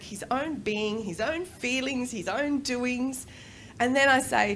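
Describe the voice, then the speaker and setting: A woman giving a talk at a conference, lively and slowing down to stress key phrases. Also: sits high, a little hiss or hum. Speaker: conference speaker. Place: conference stage.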